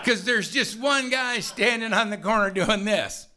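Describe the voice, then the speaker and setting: A man's voice: high voice, slow pace, pauses often, noisy background. A middle-aged man telling his own recovery story at a meeting, with wry, self-mocking humor and grumbling asides.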